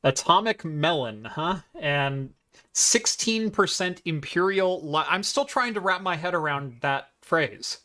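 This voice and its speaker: A man co-hosting a casual tech podcast, chatty, with halting restarts. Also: on the high side, lively intonation, pushed and bright. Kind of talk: casual chat.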